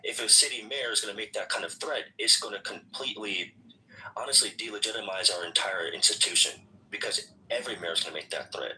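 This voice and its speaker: A man's voice: deep voice, pushed and bright, distant mic, slight background noise, poor audio. A man hosting a heated political debate, who keeps talking over others, repeats his words and insists on finishing his point. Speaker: host of a political discussion room.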